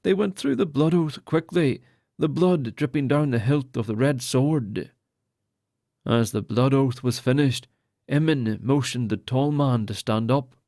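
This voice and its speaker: A man narrating an epic fantasy audiobook in a steady, measured reading style. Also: mid-range voice, dry recording, clean studio sound. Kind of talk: scripted narration.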